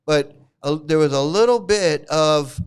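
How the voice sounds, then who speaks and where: A man talks in a loose, rambling way, tripping over his words and restarting often. His slightly high, smooth voice carries a mocking edge. He laughs as he goes on a casual rant. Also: a little slow. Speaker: channel host, former devotee.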